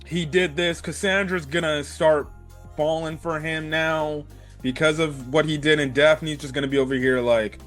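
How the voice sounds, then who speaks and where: A young man giving a casual, excitable anime review, laughing and using slang as he retells scenes. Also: on the high side, moderate pace, soft background music.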